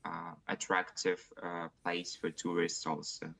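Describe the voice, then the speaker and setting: A man's voice: low-pitched, completely flat delivery, vocal fry, pushed and bright. A man with a Russian accent answering speaking exam questions over a video call, hesitant and full of fillers. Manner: hesitant, many fillers and pauses. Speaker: IELTS test candidate.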